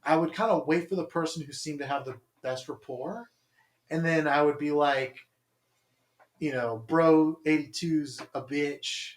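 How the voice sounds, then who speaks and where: A young man with a somewhat high voice rambles through a casual podcast story, filling it with "like" and acting out the quotes. His voice sounds roomy and echoey. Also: moderate pace. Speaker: podcast co-host. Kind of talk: casual chat. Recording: roomy echo.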